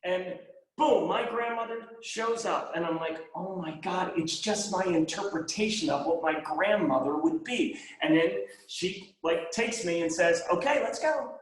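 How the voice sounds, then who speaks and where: A man's voice: on the high side, measured pace. A man telling a personal story in a conversation, earnest and emphatic, repeating phrases for stress. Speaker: guest speaker. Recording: roomy echo.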